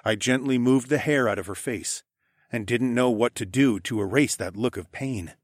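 Expressive male fantasy audiobook narrator. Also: medium pitch, normal speed, dry recording, studio quality. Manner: expressive, drops to a hush for tags.

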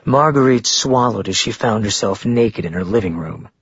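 A man narrating a romance novel in a steady, even storytelling read. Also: lowish voice, normal speed, slightly rough, highs cut off. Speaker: audiobook narrator.

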